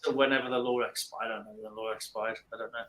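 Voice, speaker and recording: A man's voice: mid-range voice, flat delivery, rapid-fire, fairly bright tone, reverberant. A man, rambling through a story in casual live chat and repeating his words.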